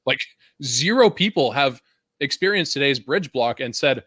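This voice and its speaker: Speaking at a normal speed in a mid-range voice, a young man from Vancouver, Canada, co-hosts a casual podcast and launches into an animated rant with plenty of laughter and swearing. The audio is studio quality, with no room sound.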